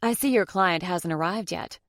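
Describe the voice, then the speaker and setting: Woman reading as a crisp, guarded woman lawyer. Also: fairly low pitch, moderate pace, no room sound, close to an everyday voice. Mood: cold. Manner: crisp and clipped.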